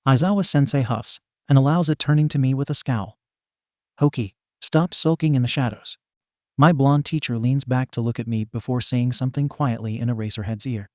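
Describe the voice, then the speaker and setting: A man narrating a fan fiction story aloud in a steady reading voice. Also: medium pitch, a little fast, hardly any pauses, dry recording, clean studio sound.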